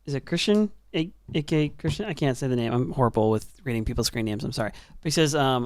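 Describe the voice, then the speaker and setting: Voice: medium pitch, quick pace, few pauses, darkish tone, no echo. A podcast co-host in casual chat, retelling scenes animatedly and laughing often.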